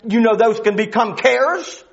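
A man's voice: extremely high pitch, unhurried, gravelly. A man preaching a sermon, emphatic and full of rhetorical questions, on a dull lo-fi recording.

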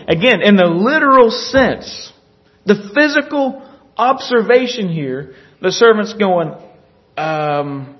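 A man preaching a sermon, animated, acting out scripture scenes with little chuckles. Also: high-pitched, a little slow. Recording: dull lo-fi recording.

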